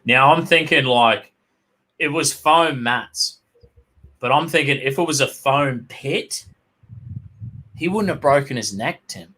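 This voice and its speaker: Foul-mouthed Australian man, bright voice. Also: mid-range voice, slow pace, long pauses. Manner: crude, swears constantly, tells rowdy anecdotes. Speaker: co-host. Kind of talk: casual chat.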